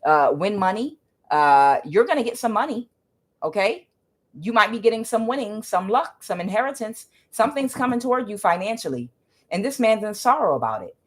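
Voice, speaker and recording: A woman's voice: mid-range voice, very animated, moderate pace. A woman giving a casual tarot reading, talking emphatically and often checking in with "okay?". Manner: emphatic, keeps asking "okay?", ranting asides. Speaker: tarot reader.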